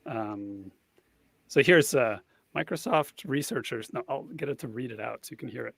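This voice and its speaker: A man's voice: medium pitch, moderate pace, creaky, fairly bright tone, husky, no echo. A man, a guest on a casual panel chat, explaining a tool at length and thinking aloud as he goes.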